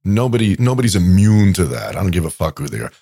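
A man's voice: low-pitched, very animated, fast talker, gravelly, dark tone, slightly rough. A man co-hosting a casual political podcast, talking in a sarcastic, profane way. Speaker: podcast co-host.

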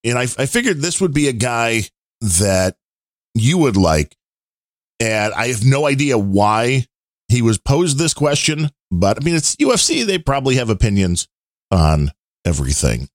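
A man hosting a casual talk show, chatting in an opinionated way with fillers and pauses. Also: mid-range voice, very animated, no room sound, studio quality. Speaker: podcast host. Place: Chicago area.

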